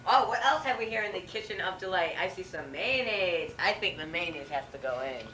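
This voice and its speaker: Bright-voiced woman playing along. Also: lowish voice, animated, fairly quick, echoey room, slight background noise, low-quality recording. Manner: eager, chiming in, giggly. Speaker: chef's assistant in a home skit. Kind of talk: playful improvised kitchen skit. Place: home kitchen.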